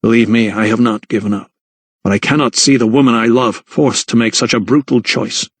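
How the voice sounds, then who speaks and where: A man's voice: medium pitch, fairly even intonation, brisk, husky, no echo, natural voice. A man as an angry young doctor. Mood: bitter. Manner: bitter, protesting through clenched teeth. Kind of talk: audiobook character voice.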